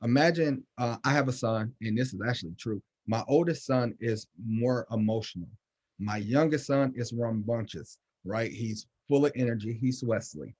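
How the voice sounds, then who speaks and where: A man working as a counselor, answering questions in casual, animated talk with lots of fillers. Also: mid-range voice, moderate pace. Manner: animated, conversational, many fillers.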